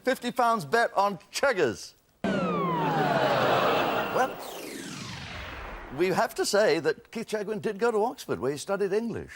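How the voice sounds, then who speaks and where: A man's voice: high-pitched, unhurried, long pauses. A man hosting a television quiz show, witty and punning as he reads out the answers. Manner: witty, punning, lively delivery. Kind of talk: game show hosting with quips. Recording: TV broadcast with background noise.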